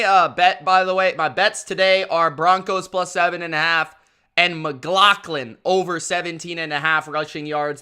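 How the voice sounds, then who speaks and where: A man hosting a live stream, calling football play-by-play with a hyped announcer-style delivery and shouting out his chat. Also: high voice, clean tone. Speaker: live-stream sports commentator.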